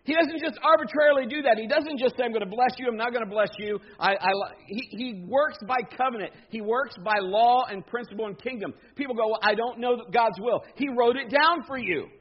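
A man with a high voice preaches a casual, conversational sermon and keeps asking his congregation questions. The sound is slightly muffled and dull. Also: brisk, hardly any pauses, breathy edge. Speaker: pastor.

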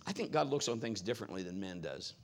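A male pastor preaching a sermon, telling animated stories and acting out quoted voices. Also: on the low side, fast.

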